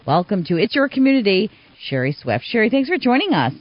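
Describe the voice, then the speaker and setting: A woman radio host telling an anecdote with lively energy. Her voice sits at a mid pitch. The sound is dry and a little dull, like a radio broadcast. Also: brisk, no room sound. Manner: animated storyteller, acts out quoted voices. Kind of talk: radio interview, storytelling.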